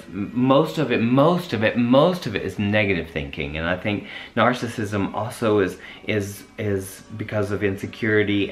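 Man, reflective spiritual talk, rambling, many restarts, somewhat low voice. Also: fairly bright tone. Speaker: host. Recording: echoey room.

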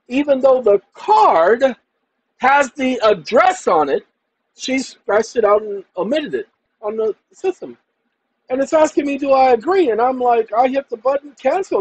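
A man's voice: very high voice, slightly rough, poor audio. A man hosting his own channel, talking to viewers in an emphatic, combative, colloquial monologue. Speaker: channel host.

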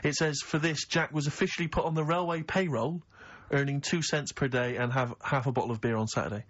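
Fast-talking, mocking man. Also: medium pitch, fairly even intonation, fairly bright tone, breathy edge. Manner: dry, mocking. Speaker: radio co-host. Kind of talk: casual radio banter. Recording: dull lo-fi radio recording with faint hiss.

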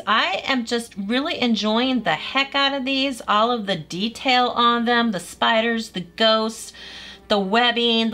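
A woman's voice: on the high side, sharp tone. A woman gushing enthusiastically as she reviews press-on nails in a casual vlog. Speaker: nail product reviewer.

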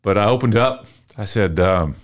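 Animated man telling a story. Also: on the low side, normal speed. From Texas. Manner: lively, emotional storyteller, often acts out dialogue. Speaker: marketing consultant guest. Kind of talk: animated storytelling in a podcast interview.

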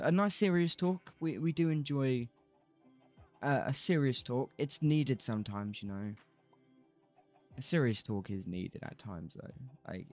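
A man's voice: fairly high pitch, a little mellow. A man streaming a building game, rambling casually, swearing freely and laughing often. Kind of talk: casual livestream commentary while gaming.

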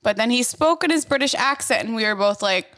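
A young woman co-hosting a podcast, chatting casually with crude jokes and lively storytelling. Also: a little high, fairly quick, no room sound. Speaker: podcast co-host. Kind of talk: casual chat.

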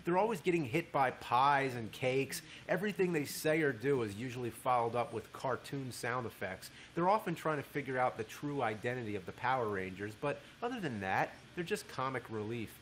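A man giving a casual, animated spoken review of a TV show, swearing freely as he talks. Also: mid-range voice, a little fast, hardly any pauses, a little hiss or hum.

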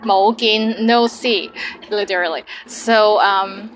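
A young woman, teaching vocabulary in a chatty video lesson and repeating each word slowly for learners. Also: medium pitch, steady tone, a little hiss or hum, rough recording. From Hong Kong. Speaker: language teacher.

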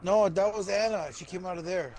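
Excitable, foul-mouthed gamer guy. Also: sits high, a little fast, slight background noise, low-quality recording. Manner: excitable, crude trash talk. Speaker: co-streamer teammate. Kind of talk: casual gaming banter over voice chat.

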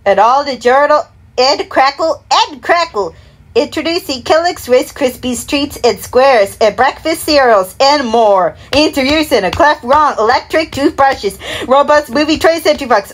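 Against slight background noise, a woman with a high, unhurried voice mimics a TV commercial break single-handedly. Rambling and half-mumbling, she slurs slogans and product names and renders the jingles by humming and singing "da da."

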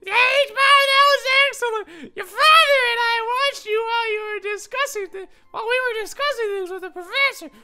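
A man voicing a shrill, emotional mother in a video game, speaking in a high wailing falsetto. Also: normal speed, few pauses, bright, forceful tone, full character voice. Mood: proud. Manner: dramatic, teary. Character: shrill emotional mom, middle-aged woman.

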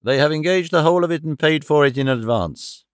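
A man voicing a curt country innkeeper who speaks in a measured, cold and firm way. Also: on the high side, clean tone, no room sound, clean studio sound, close to an everyday voice.

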